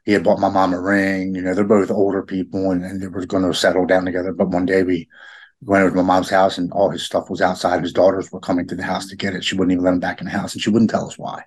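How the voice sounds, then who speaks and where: A middle-aged man talking earnestly in a podcast conversation, halting and repeating his words. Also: sits low, monotone, slightly rough.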